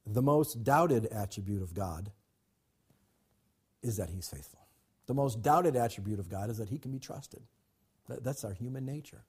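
Male pastor, husky voice, emphatic preaching with call and response. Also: mid-range voice, expressive, moderate pace, a little mellow. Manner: emphatic, repetitive, calls to the congregation. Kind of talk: sermon.

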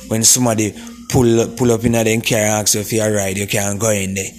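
A man with a Jamaican accent rants in a profane, preachy way, repeating his words over and over. His voice sits low and stays flat, with barely any rise or fall. Faint music plays behind him. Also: fast. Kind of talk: ranting monologue.

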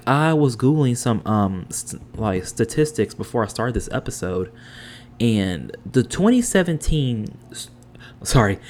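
A man's voice: mid-range voice, darkish tone, a little hiss or hum. A man in his twenties hosting a podcast, talking through a blunt personal monologue that runs into heated, profane rants. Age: 20s. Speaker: podcast host.

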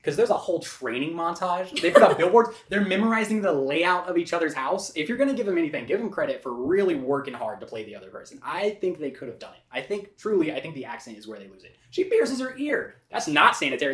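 A man's voice: a little high, big pitch swings, quick pace, fairly bright tone. A man from Texas co-hosting a podcast in casual chat, emphatic and sarcastic. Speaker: podcast co-host. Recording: roomy echo, rough podcast audio.

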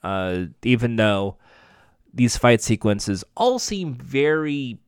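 A man in an average pitch talks through a TV episode in a casual, meandering way. He stumbles, corrects himself and drops the odd curse as he goes. The sound is close and dry, with no room echo. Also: big pitch swings, slow, clear, resonant tone. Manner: rambling, self-correcting, offhand swearing. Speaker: TV episode recapper. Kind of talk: casual spoken recap and review.

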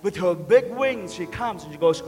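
A man's voice: sits high, animated, normal speed, a little mellow. A man preaching a sermon in a church, emphatic and joking, often repeating words. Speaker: pastor. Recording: long church reverb, faint music.

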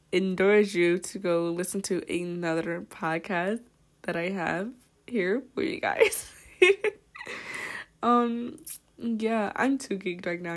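A young woman hosting her own podcast, telling a story in a casual, animated way, full of laughs, swearing and "like". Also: medium pitch. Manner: animated, laughing, profane, lots of "like". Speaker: podcast host.

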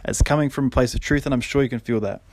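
A young man hosting a solo podcast, talking casually and then getting preachy and animated, with lots of fillers and quick laughs. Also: medium pitch, dry recording. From Australia. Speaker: podcast host.

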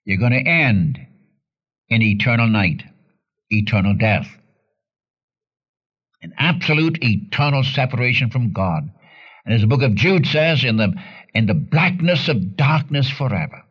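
A man preaching a sermon with blunt, earnest conviction. His pitch sits in an ordinary middle range but leaps sharply upward whenever he drives a point home. The recording is dull and lo-fi, like an old archive tape. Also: expressive, a little slow, pauses often, breathy edge. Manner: earnest and blunt, with sudden rises in pitch for emphasis.

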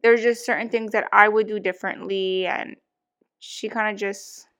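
A woman's voice: mid-range voice, steady tone, normal speed, a bit bright. A young woman co-hosting a podcast, venting bluntly in casual chat and swearing freely. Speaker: podcast co-host.

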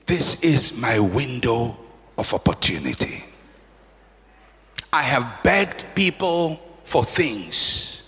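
A man preaching, voicing a blind beggar who shouts that he will no longer be silenced. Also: medium pitch, sing-song, takes it slowly, voice pushed down. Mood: solemn. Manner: pleading, then shouting defiance. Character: blind male beggar, desperate and defiant. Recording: long hall reverb.

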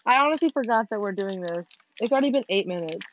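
A teenage girl co-hosting a podcast, chatting casually while playing a video game, excitable, swearing a lot and laughing often. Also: mid-range voice, quick pace, a little hiss or hum. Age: teens. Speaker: podcast co-host. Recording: muffled lo-fi recording.

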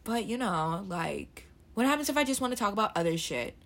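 A woman's voice: mid-range voice, very animated, a little fast. A young woman hosting a solo podcast, rambling casually and swearing freely, her voice a little throaty from just waking up. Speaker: podcast host.

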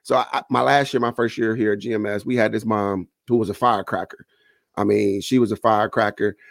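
A quick-talking man with a gravelly edge and a slightly raised voice co-hosts a casual podcast over a video call. He tells a school story with animated asides and acts out the people he quotes. The sound is close and dry. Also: fairly low pitch, dry recording. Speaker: school principal and podcast co-host.

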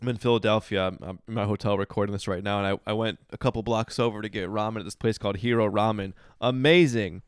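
A man's voice: fairly low pitch, steady tone, quick pace, hardly any pauses, clean tone, dry recording, studio quality. A man in his thirties hosting a casual solo podcast from a hotel room, a little tipsy and yawning, rambling with restarts and emphatic outbursts. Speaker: podcast host.

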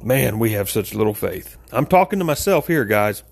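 A man preaching an informal sermon, talking straight to his listeners as folks, with big swings in pitch. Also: expressive, normal speed, vocal fry, breathy edge.

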